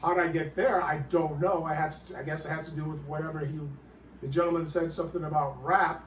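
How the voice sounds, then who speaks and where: A man in a comedic monologue, rambling and halting while he keeps politely calling his listener sir. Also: a little high, fairly even intonation, fairly bright tone, slight background noise. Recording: roomy, distant mic, faint background ambience.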